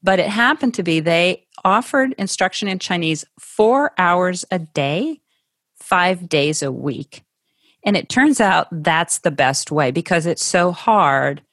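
A middle-aged woman from Ohio speaks in a slightly low, thoughtful voice as a conversational interview guest. She pauses and restarts now and then, laughing lightly. The sound is close and dry, with no room echo. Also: lively intonation, fairly bright tone. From Ohio, USA.

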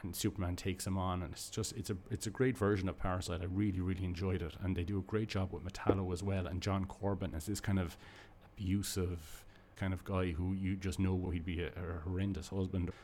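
There's slight background noise as this podcast host reviews comics in a low, darkish voice with a level tone. He's brisk and takes few pauses, rambling casually and enthusiastically, often restarting and filling gaps with fillers.

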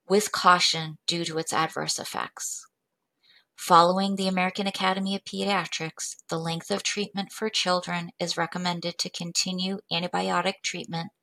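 A woman presenting a medical case study in a measured, clinical way. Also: lowish voice, sharp tone. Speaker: medical educator.

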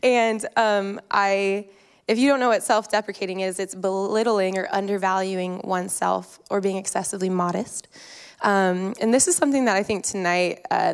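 A woman's voice: medium pitch, clear, resonant tone. A young woman from the giving an informal sermon, praying and telling a personal story in a chatty way with many fillers. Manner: chatty, self-deprecating, lots of ums and likes. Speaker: youth speaker.

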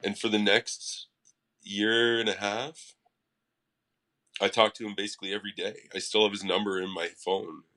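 A man with a fairly low voice that comes across forceful and bright, telling stories as a guest on a casual interview podcast. He talks in a loose, animated way and swears often as he goes. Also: moderate pace, long pauses. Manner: profane, animated storyteller.

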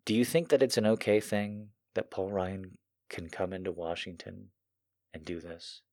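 Deep-voiced man on a profane political rant. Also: fairly even intonation, moderate pace, a little mellow, dry recording, clean studio sound. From United States. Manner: heated, profane, emotional. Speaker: political commentator.

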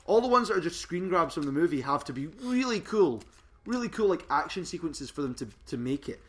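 A man's voice: a little high, sing-song, a little fast, fairly bright tone. A man co-hosting a podcast, chatting casually and reading out trading card text with playful emphasis. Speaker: podcast co-host. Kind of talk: casual chat.

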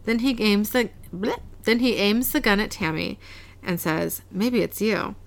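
Here a woman with a gravelly, medium-pitched voice takes her time recapping an episode for her podcast. It's casual chat as she narrates scenes, reads characters' lines aloud, and frequently laughs.

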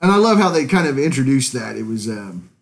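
A man's voice: mid-range voice, brisk. A man co-hosting a podcast, talking casually and opinionatedly, often laughing. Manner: opinionated, animated fan talk with laughs. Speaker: podcast co-host. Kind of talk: casual chat.

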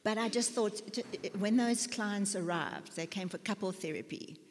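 With a mid-range voice at normal speed, a woman gives a chatty, self-mocking sermon as a lay preacher, sharing personal stories amid many fillers and restarts. A little hiss or hum sits under a long hall reverb.

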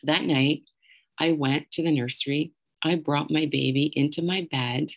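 A woman's voice: sits low, steady tone, measured pace, dull audio. A middle-aged woman telling a candid, emotional personal story and swearing freely as she goes.

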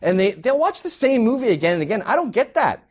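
A man's voice: sits high, sing-song, quick pace. A Canadian man doing an exasperated, mocking stand-up rant. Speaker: comedian.

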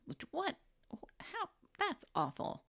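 A woman co-hosting a podcast in casual chat, reacting quickly with agreement and laughter. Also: very high voice, huge pitch swings, a bit bright. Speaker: podcast co-host.

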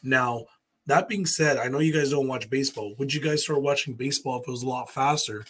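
A man with a husky, slightly rough voice chats loosely about sports as a podcast co-host. He rambles through his points and keeps asking the others what they think. His voice sits at a middle pitch. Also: a little fast, a bit bright. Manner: loose, rambling, asks the panel questions. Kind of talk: casual sports chat.

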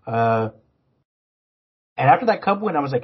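A man's voice: medium pitch, expressive, normal speed, husky, muffled recording. A man co-hosting a casual sports podcast, rambling with many fillers and restarts. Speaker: podcast co-host.

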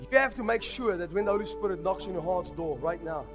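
A man's voice: high-pitched, lively intonation, quick pace. A man preaching a sermon, telling stories with emphatic delivery. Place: large church hall. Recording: long hall reverb with faint music.

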